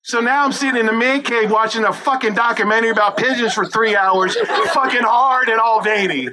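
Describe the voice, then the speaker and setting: A man performing a crude stand-up comedy set, shouting punchlines and acting out voices. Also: extremely high pitch, a little fast, noisy background. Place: rooftop event.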